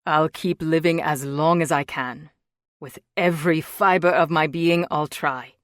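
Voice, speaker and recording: A woman reading an audiobook, voicing a gentle, playful young husband in a lowered voice. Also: fairly even intonation, a little slow, no echo, clean studio sound. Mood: tender. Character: tender joking young husband, man. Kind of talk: audiobook character voice.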